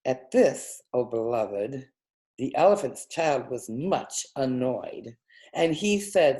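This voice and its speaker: Slow, mellow woman reading a story aloud. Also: a bass voice. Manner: gentle, expressive storytelling.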